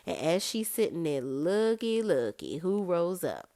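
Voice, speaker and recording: A woman's voice: on the low side, big pitch swings, measured pace, darkish tone, no room sound, clean studio sound. A woman recapping a TV episode in a casual, sassy, blunt way, full of slang. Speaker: TV recap vlogger.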